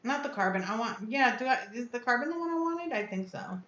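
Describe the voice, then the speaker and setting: A woman's voice: fairly high pitch, lively intonation, fast, fairly bright tone, roomy sound, highs cut off, slight background noise. A woman hosting a casual live stream, chatting effusively and answering her viewers' comments aloud. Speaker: vape reviewer hosting a live chat.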